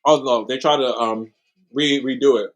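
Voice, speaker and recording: A man's voice: medium pitch, fairly even intonation, normal speed, poor audio. A young man co-hosting a casual livestream chat, rambling and apologetic, laughing often. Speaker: livestream co-host.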